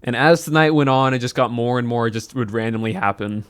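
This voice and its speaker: A man's voice: mid-range voice, fast talker, fairly bright tone, clean tone, dry recording. A man streaming and chatting casually to his viewers, rambling with many restarts and chuckles.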